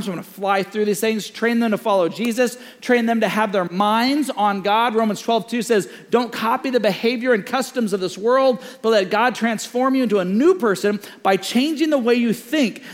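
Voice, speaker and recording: High-voiced pastor preaching in a reverberant hall. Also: male voice. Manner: animated storytelling, voices characters in high pitch. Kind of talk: sermon.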